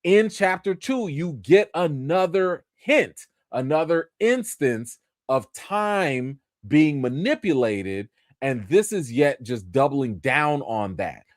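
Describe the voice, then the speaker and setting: An animated man reviewing a TV episode live, his voice leaping up and down as he explains. He talks casually, with slang and plenty of fillers. The sound is dry and close, with no room around it. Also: fairly high pitch, slow pace, no echo. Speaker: show reviewer. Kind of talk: livestream review commentary.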